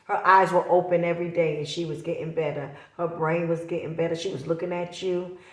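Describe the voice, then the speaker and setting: A woman's voice: on the low side, level tone, fairly quick, reverberant. A middle-aged woman talking straight to her viewers, impassioned and accusing, repeating her points. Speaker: vlogger. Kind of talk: emotional direct-to-camera talk.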